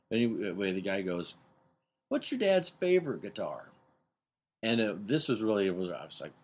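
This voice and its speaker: A middle-aged man with a somewhat low voice tells a loose, rambling story in casual podcast style. He is animated and jumps into the voices of the people he quotes. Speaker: podcast host.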